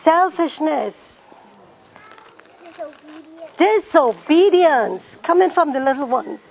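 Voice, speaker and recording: Woman instructor, high and gravelly voice, repeats key points, dull lo-fi recording. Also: lively intonation, takes it slowly. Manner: repeats key phrases, emphatic. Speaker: parenting class instructor. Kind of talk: classroom teaching with questions to the audience.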